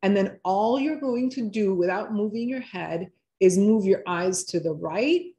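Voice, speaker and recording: A woman's voice: medium pitch, dark tone. A woman hosting a live online wellness workshop, talking viewers through simple relaxation exercises in a chatty, encouraging way. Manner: chatty, encouraging, slows down to guide steps.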